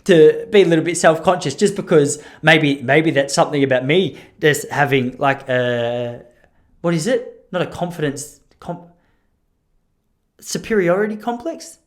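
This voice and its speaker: A man's voice: fairly high pitch, expressive, measured pace. A young man hosting a podcast, telling a long story alone in a rambling, jokey way and breaking off his own sentences. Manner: rambling, self-interrupting, jokey asides. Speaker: podcast host. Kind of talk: casual solo storytelling.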